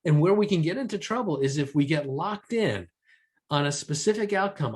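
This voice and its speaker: A man teaching a negotiation seminar to a live room, quizzing the audience and keeping a brisk, lively delivery. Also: a little high, slightly rough. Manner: lively, asks the audience questions. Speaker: negotiation trainer.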